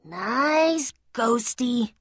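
A scornful storybook burglar, voiced by a woman speaks bluntly with a lively, swinging pitch. The recording is dry and close. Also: drawn-out words, breathy edge, no room sound, full character voice. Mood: scoffing. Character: gruff scornful male burglar.

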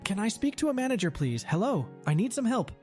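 Man doing a loud, whiny older grandmother; high, shrill, indignant storybook villain. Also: wildly swooping pitch, normal speed, faint music behind. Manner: shrill, hollering, whining. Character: loud rude grandmother demanding a manager.

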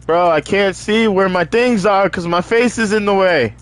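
A young man streaming a video game, chatting casually in heavy slang and telling animated stories between excited outbursts. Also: high voice, normal speed, clean tone. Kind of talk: casual stream chat while gaming.

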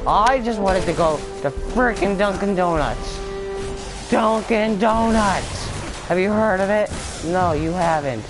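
A man's voice: high-pitched, lively intonation, normal speed, hardly any pauses. A man streaming a shooter game, giving casual commentary and playfully taunting enemies with mock-tough talk. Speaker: gamer streaming his play. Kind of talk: casual live gameplay commentary. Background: game music.

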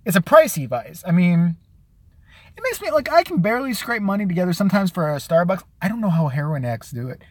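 A man live-streaming a casual rant, profane and sarcastic, who often mimics other people in a high, mocking voice. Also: very animated, quick pace, no room sound. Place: out and about, at a store.

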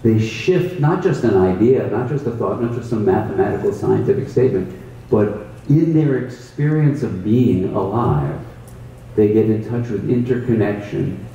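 A man with a low, dark, mellow voice explains a contemplative practice and tells stories from his workshops. His delivery is thoughtful and emphatic. He sits some way from the mic in a very echoey room with faint ambient noise. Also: expressive, normal speed, dull audio. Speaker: mindfulness teacher. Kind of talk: reflective conversational explanation. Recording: roomy echo, distant mic, faint ambience.

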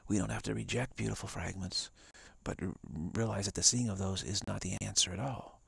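Man, very raspy husky voice, dry close sound, emphatic repetitive spiritual talk, drops into whispers. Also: lowish voice, steady tone, brisk, a bit bright, no room sound. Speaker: spiritual teacher. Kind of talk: live-streamed spiritual talk.

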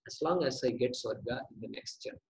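A man teaches a classroom lecture on scripture verses, breaking terms down word by word, repeating them, and asking questions he then answers himself. His mid-range voice is gravelly, with lively intonation and a quick pace. The recording is rough.

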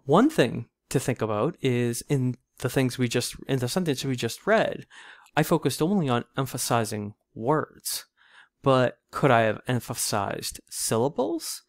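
Man, literature teacher, casual video lecture, conversational tag questions, mid-pitched voice, dry close sound. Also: expressive, unhurried, no room sound. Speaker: literature instructor.

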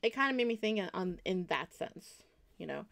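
A woman's voice: mid-range voice, expressive, moderate pace, vocal fry, fairly bright tone. A woman game streamer chatting casually with her viewers while she plays, rambling and correcting herself as she reassures them.

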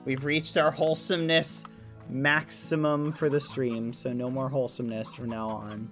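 A man's voice: medium pitch, flat delivery, moderate pace, fairly bright tone. A man livestreaming a game, chatting with his viewers in a playful, teasing way, with game music behind him. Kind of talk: casual game stream chat.

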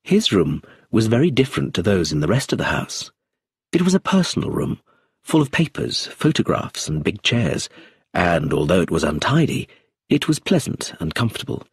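A husky-voiced man narrates an audiobook in a measured reading with a low pitch. His delivery rises and falls expressively, and the recording is dry and close. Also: very animated, no room sound.

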